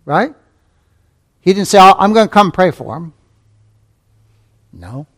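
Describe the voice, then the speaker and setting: A man's voice: sits high, expressive, measured pace, a bit bright. A man preaching a sermon as pastor, repeating key phrases, asking rhetorical questions and calling listeners beloved. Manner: repeats key phrases, rising to fervent emphasis.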